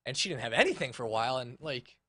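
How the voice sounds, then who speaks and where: A young man co-hosting a casual sports chat, animated and quick to laugh. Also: medium pitch, slightly rough. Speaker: podcast co-host.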